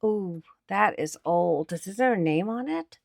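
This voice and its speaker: A woman's voice: mid-range voice, animated, a little slow, creaky, darkish tone, no echo, studio quality. A woman host chatting on camera at an estate sale, showing finds to viewers with chatty enthusiasm. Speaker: antiques picker and channel host. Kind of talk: casual on-camera commentary.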